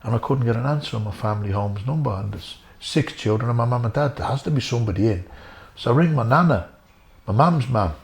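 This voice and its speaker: A middle-aged Irish man with a gravelly, creaky edge to his voice recounts his past in an interview. He talks earnestly, repeats key phrases, and keeps turning back to the host by name. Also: mid-range voice, animated, fast talker. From Ireland. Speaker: interview guest, former boxer. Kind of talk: emotional storytelling.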